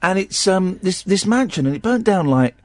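A man's voice: high voice, animated, normal speed, darkish tone, no echo. A man hosting a radio show, chatting casually on air in a rambling way with plenty of restarts.

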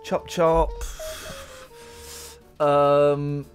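A man's voice: fairly high pitch, monotone, extremely slow, soft background music. A man hosting a morning radio show, joking and rambling as he reads out tabloid stories. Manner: joking, rambling, reads news aloud with asides. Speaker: radio host. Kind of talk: casual radio banter. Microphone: studio microphone.

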